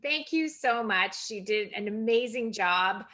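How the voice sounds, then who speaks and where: A woman's voice: mid-range voice, animated, a little slow, faint music behind. A woman, a county party chair, thanking everyone and closing a virtual meeting, chatty and grateful. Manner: warm thanks, chatty with fillers. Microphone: video call.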